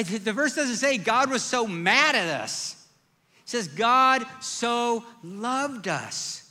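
High, bright-voiced male pastor preaching. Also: long reverb tail. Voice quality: self-described squeaky voice. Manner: conversational, emphatic preaching with rhetorical questions. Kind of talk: sermon.

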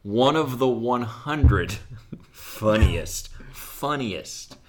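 A man's voice: mid-range voice, lively intonation, extremely slow. A man co-hosting a podcast, riffing in casual comedic banter with playful, exaggerated disbelief. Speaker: podcast co-host.

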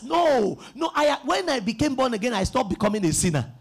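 High-voiced, gravelly preaching man. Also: big pitch swings, a little fast. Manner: emphatic, call-and-response preaching. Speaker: pastor. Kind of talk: sermon.

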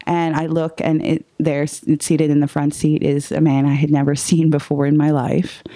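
A woman comedian telling a frightening personal story in a casual interview, animated, laughing often and swearing. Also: sits low, normal speed, no room sound. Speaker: guest comedian.

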